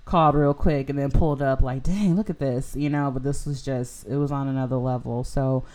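A young woman recounts events on her podcast in a loose, chatty way, leaning on "like" and "you know". Her voice is dark and mellow, with little rise and fall in pitch. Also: level tone, a little fast. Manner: rambling, heavy use of "like" and "you know". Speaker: podcast host. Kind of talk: casual personal storytelling.

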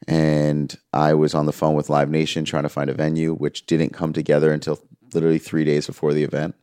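A man's voice: very deep voice, fairly quick, clear, resonant tone, no echo, clean studio sound. A man, an interview guest telling an earnest story and quoting the people he talks about. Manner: earnest, quotes others in lively voices. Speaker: music manager, interview guest.

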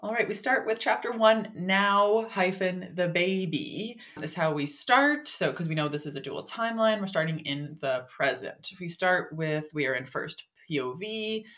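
A woman's voice: lowish voice, lively intonation, normal speed, hardly any pauses, fairly bright tone. A young woman co-hosting a podcast, giving a casual, rambling critique full of "like" and "you know". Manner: rambling, filler-heavy, lots of "like" and "you know". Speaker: podcast co-host critiquing manuscripts.

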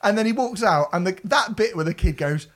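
A man chatting casually as a podcast co-host, animated and often laughing as he acts out scenes. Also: high voice, a little fast. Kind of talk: casual film review chat.

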